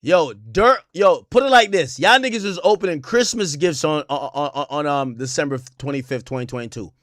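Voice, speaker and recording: A man's voice: on the high side, normal speed, no echo, clean studio sound. Hyped-up man reacting on stream. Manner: animated, profane, hyped-up. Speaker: streamer host. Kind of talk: live reaction commentary.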